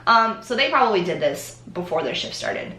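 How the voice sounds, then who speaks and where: Bright, chatty young woman in an echoey room. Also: medium pitch, moderate pace. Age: young adult. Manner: chatty, animated, with frequent ums and likes. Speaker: Disney College Program vlogger. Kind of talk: casual chat.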